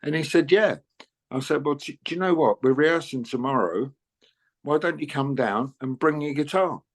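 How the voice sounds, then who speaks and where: A man's voice: on the high side, normal speed. Older man telling chatty stories. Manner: chatty, anecdotal, laughs often, many "you know"s. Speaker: interviewed musician. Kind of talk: casual storytelling interview.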